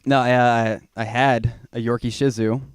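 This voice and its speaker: A young man's stand-up set in a small comedy bar features a rambling story that pokes fun at himself, with sudden loud, high shouting here and there. His voice is clear, resonant and level, at normal speed, with no room sound.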